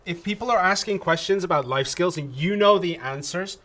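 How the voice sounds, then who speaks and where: A man from England with a high, brisk, slightly bright voice co-hosts a casual livestream game tutorial as the community manager. He's chatty, with lots of ums and restarts.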